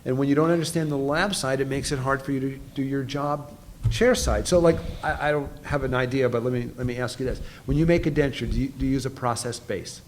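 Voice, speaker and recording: A man's voice: mid-range voice, quick pace, a little hiss or hum. A man in his fifties, a dentist guest on a podcast interview, talking emphatically and enthusiastically and often repeating words as he starts a point.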